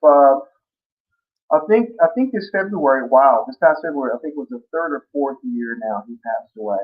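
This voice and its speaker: A man's voice: medium pitch, lively intonation, normal speed. A man guest telling stories in a casual interview, rambling with many restarts. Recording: muffled lo-fi audio.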